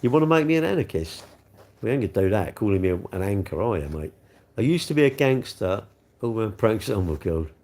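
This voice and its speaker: A man in his sixties with a gravelly voice, hosting a casual live stream, chatting and joking as he answers viewer comments. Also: fairly low pitch, sing-song, brisk, darkish tone. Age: 60s. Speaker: livestream host reading chat.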